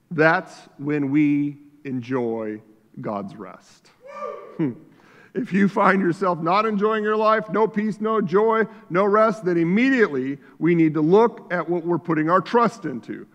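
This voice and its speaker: A man preaching a sermon as pastor, shifting between quiet reflection and loud fervor, recorded in a church sanctuary. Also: high voice, animated, unhurried, dull audio. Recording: church hall reverb.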